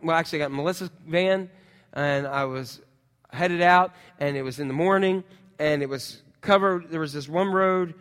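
A middle-aged man preaching a sermon as pastor, telling personal stories in a lively way with sound effects. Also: on the high side, normal speed, clean tone, big-room sound.

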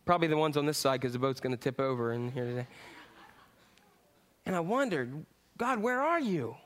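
A pastor preaching with a fairly high, animated voice. He calls out to the congregation, then drops to quiet, reflective moments as he talks through scripture. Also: a little fast. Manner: lively preaching with swings from loud to hushed. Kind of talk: sermon.

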